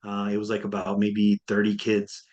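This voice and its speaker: A man's voice: lowish voice, monotone, moderate pace, darkish tone, highs cut off. A man talking as an interview guest, upbeat and enthusiastic in a loose, chatty way. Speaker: guest speaker and coach. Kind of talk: casual interview chat.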